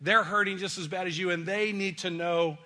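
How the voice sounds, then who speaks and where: A male preacher voicing Jesus as a gentle, plain-spoken teacher who reassures a friend. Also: high-pitched, steady tone, brisk. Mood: reassuring.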